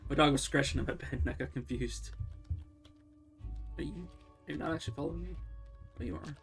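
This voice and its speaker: A man's voice: a little high, brisk, creaky, fairly bright tone. A man streaming a game, rambling in casual commentary, swearing and talking to the characters on screen. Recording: faint game music underneath.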